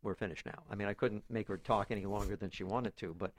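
A man, an author, recounting family stories in an interview, halting and often repeating his words as he goes. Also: on the low side, fairly even intonation. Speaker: author and guest. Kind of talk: conversational storytelling interview.

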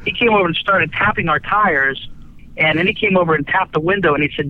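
A man spinning long, folksy anecdotes as a guest, slightly high-voiced and full of "uh"s and restarts. He curses casually. The audio is dull and lo-fi, like a call line. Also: brisk, dry recording. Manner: folksy, many fillers and restarts, breezy cursing. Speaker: guest, radio broadcaster and author. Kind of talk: rambling anecdotal storytelling.

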